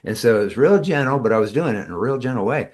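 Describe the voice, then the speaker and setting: A man's voice: mid-range voice, animated, fast talker, darkish tone. A man, a tai chi teacher, telling rambling stories as a guest in a casual interview, with many fillers and restarts.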